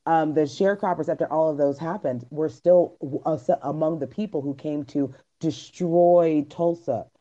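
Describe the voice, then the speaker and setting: A woman's voice: low-pitched, normal speed, dark tone. A woman hosting a podcast in casual chat, talking bluntly and emphatically with plenty of slang. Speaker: podcast host. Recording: dull lo-fi recording.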